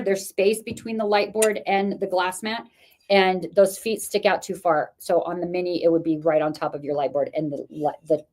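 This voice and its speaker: A woman with a mid-range, slightly mellow voice runs a product demo livestream, selling with chatty enthusiasm and plenty of filler words. She's clearly losing her voice.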